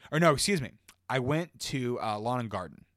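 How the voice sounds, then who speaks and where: In studio-quality audio with no echo, a podcast co-host tells a long, rambling story. His mid-range voice moves fairly quickly, and the casual, animated retelling is laced with profanity.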